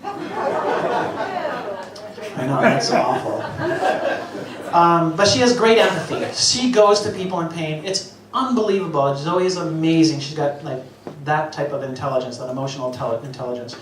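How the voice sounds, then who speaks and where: A man's voice: on the high side, normal speed, long pauses, a little hiss or hum. A middle-aged man doing a stand-up routine on stage, telling self-mocking stories and swearing freely. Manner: profane, self-mocking storytelling. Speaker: stand-up comedian. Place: stage before a live audience. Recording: echoey venue, voice heard from a distance, loud ambience.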